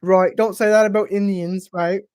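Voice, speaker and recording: Male streamer, slightly high voice, foul-mouthed and mocking, dry close sound. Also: steady tone, normal speed, a little mellow, clean tone, no echo. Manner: crude, profane, mocking banter. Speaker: streamer hosting a watch party. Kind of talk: casual live reaction commentary.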